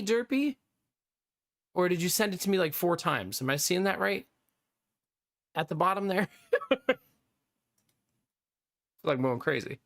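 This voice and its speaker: A man livestreaming and chatting casually with his viewers, laughing often and teasing, his voice gruff from being sick. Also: high-pitched, a bit bright, no echo, clean studio sound.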